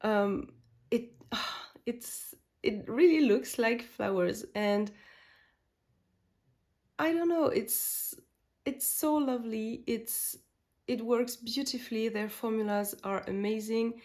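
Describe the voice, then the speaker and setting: A woman's voice: a little high, steady tone, takes it slowly, darkish tone. Woman, first language French, beauty vlogger, gushing and chatty, lots of fillers. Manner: enthusiastic, gushing, many fillers and restarts. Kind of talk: casual makeup chat.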